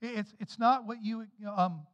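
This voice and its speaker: High-voiced emphatic male preacher. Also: normal speed, fairly bright tone, big-room sound, highs cut off. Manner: emphatic, conversational preaching with repeated phrases. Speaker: pastor. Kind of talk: sermon. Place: church sanctuary.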